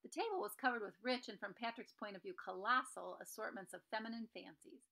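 A woman reads a children's novel aloud with a bright, clear tone. She pauses now and then to explain the story in a conversational aside. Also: fairly high pitch, low-quality recording. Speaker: reader.

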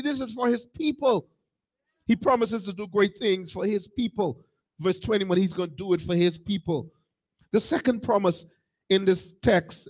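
A male pastor preaching a sermon, calling on the congregation and rising into shouted, sung cadences. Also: high-pitched, rough recording.

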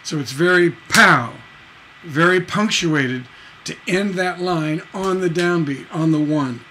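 A man's voice: fairly high pitch, slow pace, pushed and bright, a little hiss or hum, poor audio. A man teaching songwriting on a livestream, reading lyrics and counting beats aloud, with many fillers and restarts. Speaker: songwriting instructor.

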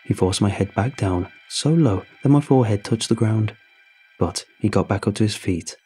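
Low, husky man reading a horror story. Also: moderate pace. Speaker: narrator. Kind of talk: scripted horror story narration. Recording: soft music underneath.

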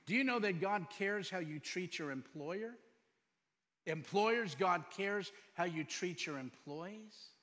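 A middle-aged man preaching a sermon as pastor, firing off rhetorical questions and moving between loud emphatic lines and quiet storytelling. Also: sits high, lively intonation, slow. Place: church sanctuary. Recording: long hall reverb.

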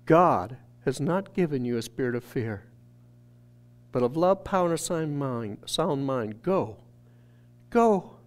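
A man from a church staff telling an earnest, emotional testimony in a sermon. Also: fairly high pitch. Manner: earnest storytelling, rising to shouted quotes.

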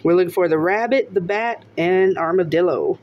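A woman narrating casually as she scratches lottery tickets, often breaking into excited exclamations and laughter. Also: fairly low pitch, normal speed, muffled recording.

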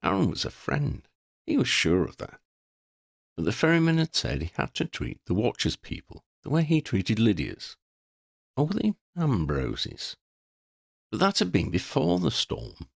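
A man narrates a fantasy story with wildly swinging, expressive pitch. His low voice has a gravelly grain. The recording is dry and close. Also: measured pace, dry recording. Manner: expressive, playful. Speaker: audiobook narrator.

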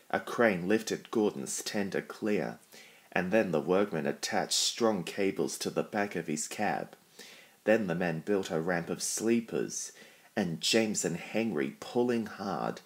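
A man reads a children's storybook aloud in a calm, even voice. His tone is deep and his pace unhurried, letting each sentence settle. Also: breathy edge. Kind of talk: storybook narration.

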